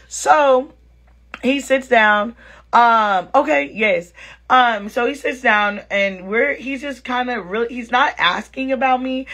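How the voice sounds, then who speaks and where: At home, a woman vlogger chats casually to camera in a storytime about a dating experience, her voice a little high. She's animated and slangy, calling viewers "girl" and "sis" as she acts out both sides of the conversation.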